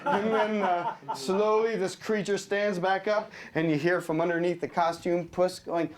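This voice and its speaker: High-voiced man pitching storyboards. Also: little pitch movement, a little slow, hardly any pauses. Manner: playful, laughing, acts out the scene. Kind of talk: animated storyboard pitch narration.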